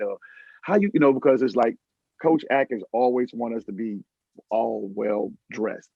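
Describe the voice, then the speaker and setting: A man hosting a podcast, asking relaxed, rambling questions in casual chat. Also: medium pitch, normal speed, gravelly, breathy edge, dry recording. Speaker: podcast host. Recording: muffled lo-fi audio.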